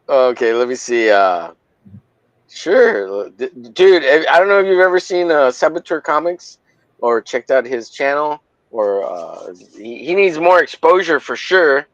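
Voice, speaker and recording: A man's voice: fairly high pitch, very animated, a little slow, a bit bright, dry recording, dull audio. A man hosting a casual drawing livestream, rambling and joking, with profane banter. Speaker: livestream host, comic artist.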